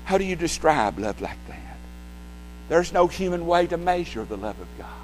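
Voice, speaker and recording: An older man with grandchildren preaching a sermon, swinging from loud passages to hushed ones and putting repeated questions to the congregation. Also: a little high, very animated, moderate pace, slight background noise, rough recording.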